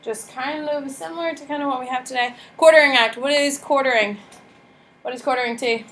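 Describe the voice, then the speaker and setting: A woman from the United States teaching a class history lecture, lively and blunt, asking the class many rhetorical questions. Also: high-pitched, a little fast.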